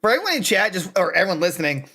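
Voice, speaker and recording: A man's voice: high voice, sing-song, very fast, sharp tone. A young man co-hosting a gaming podcast, rambling and joking with friends and laughing often. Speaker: podcast co-host. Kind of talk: casual gaming podcast chat.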